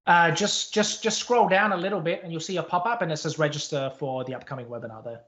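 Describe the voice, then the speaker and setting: A man's voice: fairly high pitch, quick pace, fairly bright tone. Upbeat chatty Canadian man speaker. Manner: chatty, upbeat, repeats words. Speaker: conference speaker. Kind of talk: casual presentation wrap-up and Q&A. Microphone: video call. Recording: dull lo-fi call audio.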